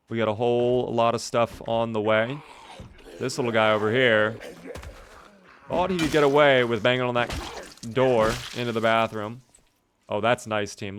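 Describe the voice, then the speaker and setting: Male streamer, mid pitch, smooth resonant voice, jokey running commentary, chats with viewers. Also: dry recording. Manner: jokey, chatty, thanks viewers and reacts to chat. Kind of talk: casual gameplay live-stream commentary.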